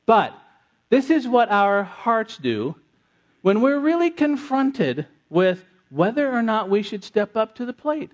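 A middle-aged man preaching an interactive sermon, conversational and animated, repeating answers from the congregation. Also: sits high, takes it slowly. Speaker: pastor.

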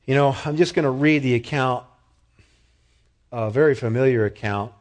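A pastor delivers a sermon conversationally, posing questions to his listeners and becoming animated as he tells stories. His voice sits in the mid range, at a moderate pace.

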